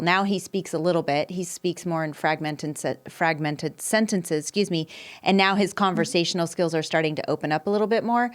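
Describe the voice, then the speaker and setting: A woman hosting a podcast interview, enthusiastic and conversational, often affirming her guest. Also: lowish voice. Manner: warm, enthusiastic, frequent affirmations. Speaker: podcast host.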